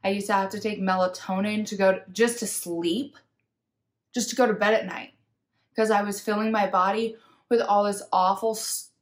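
A woman's voice: mid-range voice, fairly even intonation, moderate pace. A young woman vlogger candidly telling her own story, reflective and open, acting out what she told herself and others. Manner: candid, reflective, retells inner talk and dialogue. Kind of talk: personal storytelling vlog.

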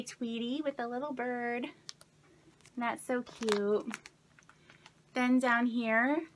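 Her voice sits on the high side, with a faint hiss or hum in the recording. A young woman vlogger unwraps crafting gifts in a casual chat to camera, effusive and exclaiming, laughing softly and thanking the sender time after time.

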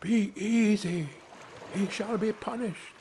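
A man's voice: sits high, slow, a little mellow, a little hiss or hum, voice pushed up. A man voicing a stern old male king wren in a storybook fable, threatening punishment.

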